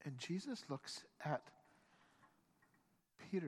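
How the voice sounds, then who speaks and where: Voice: mid-range voice, expressive, moderate pace, a bit bright. A pastor preaching a sermon, telling the story with animation, acting out quoted lines and often stumbling into restarts. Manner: frequent stammered restarts.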